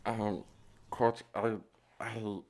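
A man's voice: fairly low pitch, level tone, extremely slow, creaky, a little mellow, heavily acted. A man playing a formal, overly polite young football center with an odd, prim voice. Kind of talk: comedy sketch acting.

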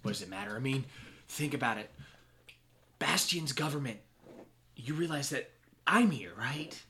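A cruel, smug villain taunts his captives in a low, soft voice that slips into whispers, as a man puts him on. His pitch is about average for a man. A steady hiss of background noise runs under the recording. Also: normal speed.

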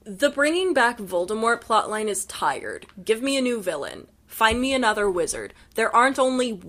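A woman's voice: a little high, very animated, normal speed, a bit bright. A woman co-hosting a casual book podcast, wry and critical, laughing often as she retells scenes. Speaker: podcast co-host.

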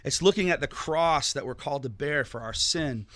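A man in his thirties preaching a sermon in a loose, conversational way, acting out little bits of dialogue with a grin in his voice. His tone is bright and forceful, and the recording is close and dry. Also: a little high, moderate pace, dry recording. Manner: conversational, animated, acts out dialogue with jokes. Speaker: pastor.

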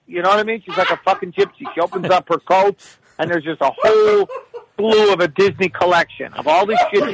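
A man ranting comically about his young daughter, animated and profane, full of exasperation. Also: high voice, background noise. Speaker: guest telling stories about his daughter. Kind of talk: comedic casual storytelling.

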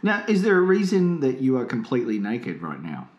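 A man co-hosting a podcast, cracking deadpan, absurd jokes in casual banter. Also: medium pitch, a little fast, echoey room, dull audio. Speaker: podcast co-host.

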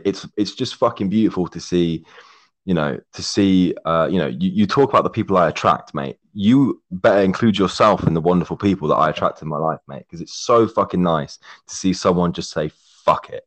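Deep-voiced young man, rambling and effusive. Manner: effusive, rambling, heavy swearing, says mate a lot. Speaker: podcast guest. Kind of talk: casual chat. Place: remote call, living in Germany.

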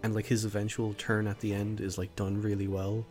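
A man with a lowish voice co-hosting a casual podcast chat. He talks emphatically, with plenty of swearing, while faint music sits far in the background. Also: flat delivery, a little fast, darkish tone. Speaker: podcast co-host.

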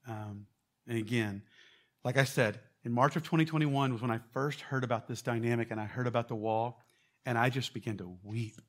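A man giving a casual, quick-talking sermon as pastor, joking with and quizzing a live church audience. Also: medium pitch, steady tone.

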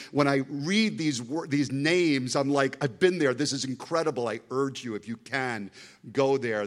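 A male guest preacher delivering a sermon with real fervor. His voice sits at an ordinary middle pitch, but he swings between loud, emphatic bursts and hushed, intense passages. He slows right down whenever he reads scripture aloud. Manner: quotes scripture in a slowed, dramatic read.

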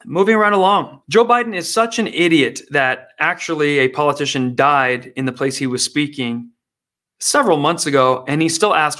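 A man's voice: a little high, moderate pace, bright, forceful tone. A man performing political stand-up comedy in a sarcastic, mocking manner.

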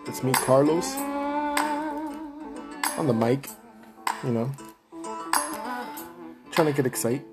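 A man's voice: mid-range voice, takes it slowly, pauses often, loud music behind the voice. Emotional Puerto Rican man hosting a podcast. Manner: emotional, rambling, heartfelt shout-outs. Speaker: podcast host. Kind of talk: casual podcast monologue.

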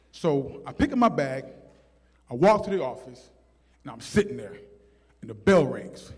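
Man telling a stand-up story, high voice, husky, animated, hall echo. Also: normal speed, long pauses. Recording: hall with long reverb.

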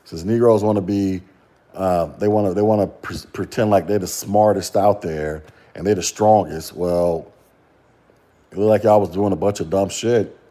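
A man's voice: low voice, steady tone, moderate pace, dark tone. A man hosting a solo podcast rant, mocking and profane, laughing and firing rhetorical questions. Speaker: podcast host.

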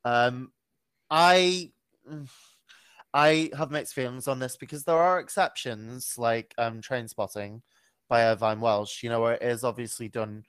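A man talks loosely about writing on a podcast, full of ums and quick self-corrections, with the odd curse thrown in. His voice is smooth and clear, and the sound is dry and close. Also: mid-range voice, steady tone, a bit bright, no echo. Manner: swears freely, lots of ums and self-corrections. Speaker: podcast co-host. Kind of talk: casual chat.

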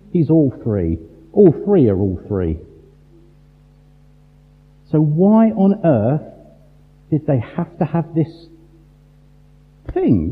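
A man delivers a sermon, full of rhetorical questions and dramatic pauses. His voice sits a touch high and moves in big, lively swings at an unhurried pace. The sound is thin and phone-like, with a long reverb trailing off the walls of a large hall. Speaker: preacher.

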